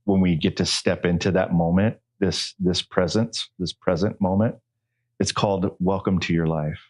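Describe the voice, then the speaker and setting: A man speaking as a guest in a podcast conversation, slow, earnest and reflective. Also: low-pitched, steady tone, a little mellow.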